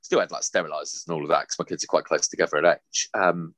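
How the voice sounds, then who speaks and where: Man, lowish voice, animated and sweary storytelling, dry close mic. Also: fast talker, no room sound. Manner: animated, sweary, laughing anecdote-telling. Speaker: podcast host. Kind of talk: casual storytelling chat.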